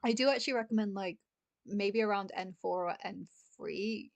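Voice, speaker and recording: Young British woman, chatty teacher, mid-pitched voice, dry close sound. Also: creaky, dry recording. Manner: chatty, laughs often, drawn-out slow pronunciation of words. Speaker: Japanese teacher. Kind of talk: casual online language lesson.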